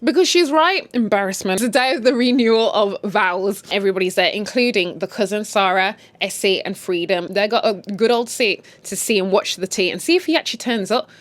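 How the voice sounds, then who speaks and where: A young woman retelling a drama series in casual, opinionated chat, with quick reactions and slang. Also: medium pitch. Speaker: channel host retelling a series. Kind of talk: casual story retelling with commentary.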